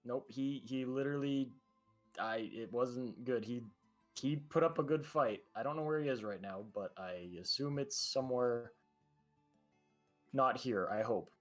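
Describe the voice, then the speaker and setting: Man doing a friendly, flustered teen hero for a tabletop game, halting and full of restarts. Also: mid-range voice, faint music behind, natural voice. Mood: earnest.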